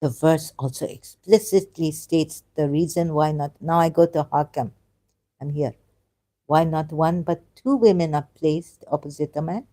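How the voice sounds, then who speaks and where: Speaking at a moderate pace, this woman has a deep, mellow voice. She criticizes religion while reacting to a video, reading passages aloud and arguing back in casual commentary. Exasperation and argumentativeness run through it, and she trips over her words.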